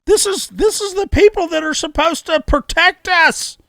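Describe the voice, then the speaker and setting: A middle-aged man co-hosting a podcast, telling a story in a loud, profane way and repeating his key words for emphasis. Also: extremely high pitch, normal speed, vocal fry, no room sound, studio quality. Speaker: podcast co-host. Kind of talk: casual podcast chat. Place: podcast studio.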